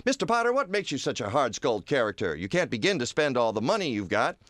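A hoarse man putting on a shrill, urgent boy's voice in a radio sketch. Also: sing-song, fast talker, fairly bright tone, dry recording, studio quality. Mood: defiant. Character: frantic young boy.

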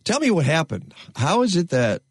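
A man hosting an interview, asking questions in an animated, wry manner. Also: on the high side, normal speed, breathy edge, no echo, clean studio sound. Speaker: interview host. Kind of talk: conversational interview.

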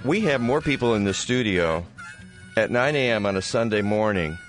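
Lively-voiced male radio host. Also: lowish voice, over loud music. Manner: lively, halting with fillers and restarts. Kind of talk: casual radio chat.

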